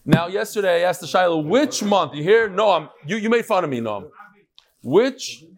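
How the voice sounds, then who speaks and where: Speaking a little fast in a high, expressive voice, a rabbi leads a casual daily religious class before a live audience in a study hall. Between lessons he jokes and banters with the people in the room.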